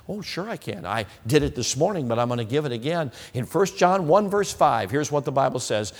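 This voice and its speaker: A man's voice: on the high side, sing-song, fairly quick, few pauses, in a large hall. A man preaching a sermon, acting out the questions of imagined listeners as he goes.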